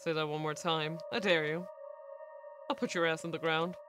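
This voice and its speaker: A woman voicing a hot-tempered young male gang leader from a visual novel, gruff and threatening. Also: low-pitched, fairly even intonation, normal speed, over music, pitched below the performer's own voice, close to an everyday voice.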